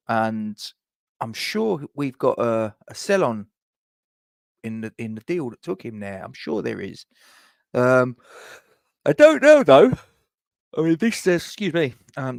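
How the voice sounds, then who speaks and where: A man's voice: medium pitch, vocal fry, dry recording. A man with a London accent hosting a live, jokey, rambling football transfer chat. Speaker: fan channel host.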